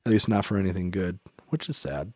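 A man's voice: low-pitched, expressive, fairly quick, darkish tone, breathy edge, no echo, clean studio sound. Rambling, reflective man in casual chat. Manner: rambling, reflective, heavy on "like" and restarts. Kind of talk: casual faith-themed chat.

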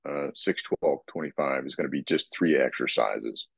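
A man co-hosting a casual podcast, explaining training in a relaxed, rambling way with many restarts. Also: a bass voice, moderate pace, gravelly, husky, no room sound. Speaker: co-host, fitness expert.

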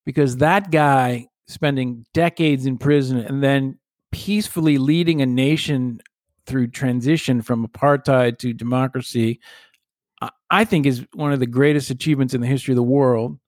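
A man's voice: medium pitch, steady tone, normal speed, darkish tone, no echo, clean studio sound. A man in casual conversation as a podcast co-host, musing and rambling with playful banter. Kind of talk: casual chat.

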